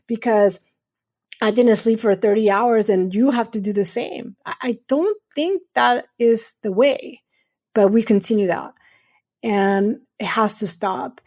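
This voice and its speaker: A middle-aged woman, a urologist appearing as a surgeon guest in a podcast interview, speaks earnestly and emphatically, often repeating phrases for weight. Her voice is a little high and darkish in tone, and she talks unhurriedly.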